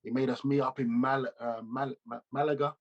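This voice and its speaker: Husky ex-footballer telling stories. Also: male voice, medium pitch, brisk, dull audio. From England. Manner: animated, loose slangy storytelling with repeats. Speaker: guest, former footballer. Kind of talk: casual interview storytelling. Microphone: video call.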